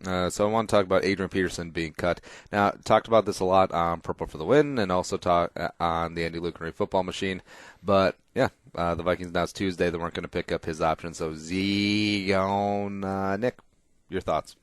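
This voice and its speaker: A man's voice: low voice, fairly even intonation, a little fast, clear, resonant tone, no echo. A man hosting a casual podcast, opinionated and emphatic, rambling and swearing freely, on a close studio mic. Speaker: podcast host.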